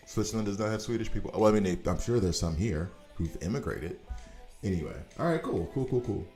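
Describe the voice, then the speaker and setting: A man in his forties from the United States chats his way through a game livestream, drifting off topic and laughing easily. His voice sits low and deep. Quiet music plays faintly behind him. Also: lively intonation. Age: 40s. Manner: rambling, chatty, quick to laugh. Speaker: game streamer. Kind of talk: casual livestream commentary. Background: faint background music.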